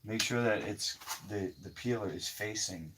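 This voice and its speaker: A fairly low-pitched man hosting a casual live stream. He gives bossy, blunt step-by-step orders and does not mind crude language. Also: measured pace, very noisy. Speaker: livestream host.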